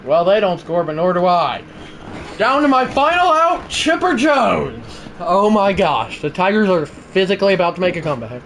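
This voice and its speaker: An excitable young man livestreaming a ball game, his fairly high voice leaping around as he shouts at big plays and then drops to a mutter. Faint room noise sits under his talk. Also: moderate pace. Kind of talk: live gameplay commentary.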